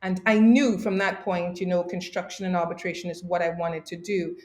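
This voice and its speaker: Middle-aged woman, from Canada, guest storyteller, lower voice, roomy echo. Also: a little fast. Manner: lively anecdotes with bursts of laughter. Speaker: guest arbitrator. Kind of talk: interview storytelling.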